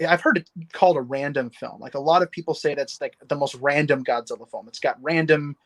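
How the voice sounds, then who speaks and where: A man's voice: on the high side, brisk, fairly bright tone. A man chatting as a guest on a livestream, enthusiastic and rambling, often restarting his sentences. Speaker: guest, novelist. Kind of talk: casual livestream chat.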